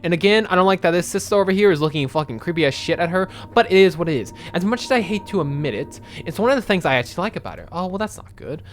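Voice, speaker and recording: Young male gamer, casual let's-play chatter, lively swinging pitch, cursing freely. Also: quick pace, few pauses. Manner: animated, rambling, swears a lot. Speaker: gaming video creator.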